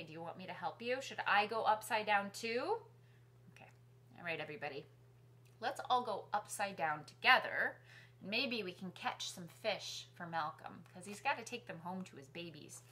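A woman hosting a children's music class from her living room, singing nursery songs and talking gently to young kids. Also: lowish voice. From New York City. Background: guitar accompaniment.

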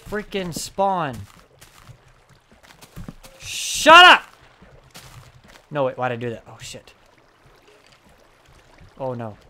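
Excitable woman yelling at a game. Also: a bass voice, unhurried, long pauses. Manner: excitable, frustrated, yells at the game. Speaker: let's play host. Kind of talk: gameplay commentary.

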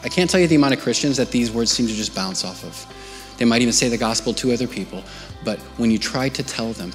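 Man, pastor, storytelling sermon, conversational, soft hushed moments, mid pitch, faint music behind. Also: fast. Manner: conversational, often checking in with "right?" and "okay?". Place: church service.

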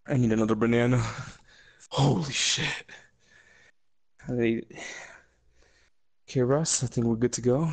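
Guy w a husky voice swearing thru a leg cramp while gaming, drawn-out slow talk. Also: medium pitch, fairly even intonation, darkish tone. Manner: swearing, groaning, talking to a friend. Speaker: gaming streamer. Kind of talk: casual gameplay commentary.

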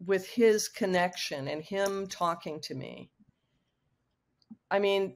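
Brief: woman, 60s, low-ish voice, candid and vivid storyteller speaking over a video call. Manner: emotional, frank, vivid storyteller. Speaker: guest author.

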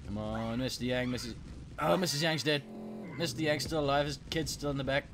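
A man commentating on a game he is playing, excitable and swearing, a bit sick and clearing his throat. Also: medium pitch, a little fast, background noise. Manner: excitable, swearing, yelping at failures. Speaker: gameplay commentator. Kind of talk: let's play commentary.

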